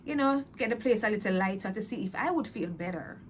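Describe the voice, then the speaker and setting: A woman giving a personal faith testimony in a slow, reflective, earnest way, pausing often with fillers and speaking openly about her feelings. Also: mid-range voice, lively intonation, slight background noise. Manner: earnest, emotionally open.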